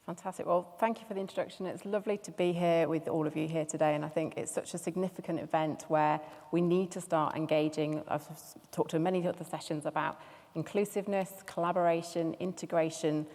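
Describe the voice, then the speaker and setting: A woman's voice: sits low, darkish tone. Woman expert explaining in an echoey hall. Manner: enthusiastic, with lists and repeated phrases. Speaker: circular economy expert panelist. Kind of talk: explanatory panel talk. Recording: long hall reverb.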